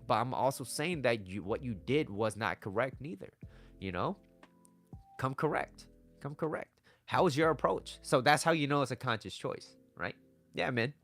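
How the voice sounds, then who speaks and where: A man talking straight to his viewers about dating and relationships, loose and blunt and not shy about cursing. His voice sits at an ordinary middle pitch, and he keeps tagging his points with "right?" while faint music plays underneath. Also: fairly bright tone. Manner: blunt and conversational, swears, keeps asking "right?". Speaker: dating and relationship advice vlogger. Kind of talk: casual motivational talk to camera.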